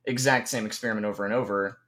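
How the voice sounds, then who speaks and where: A man answering questions as a guest on a live stream, speaking softly and haltingly. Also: fairly low pitch, steady tone. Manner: soft-spoken and hesitant, with fillers. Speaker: guest caller. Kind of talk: casual debate answers.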